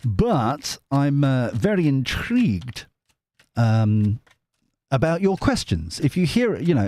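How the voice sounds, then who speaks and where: Man, live-stream host, lively pitch, dry close sound, chatty and giggly. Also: no room sound. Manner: chatty, giggly, many restarts. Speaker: tarot reader and live streamer. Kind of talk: casual live-stream chat.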